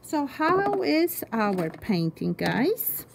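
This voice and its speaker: A woman's voice: sits high, very animated, extremely slow, creaky, very noisy. A woman art teacher giving a chatty, encouraging step-by-step drawing demonstration, thinking aloud as she works.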